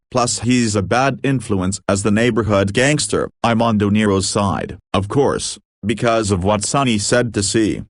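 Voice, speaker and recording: Low-voiced man reading posts aloud. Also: no room sound, studio quality. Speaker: story reader.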